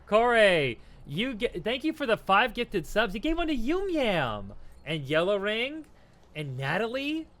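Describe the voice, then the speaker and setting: A man's voice: high-pitched, very animated, a little slow, a bit bright. A tipsy man streaming a game, rambling casually, laughing and thanking his chat.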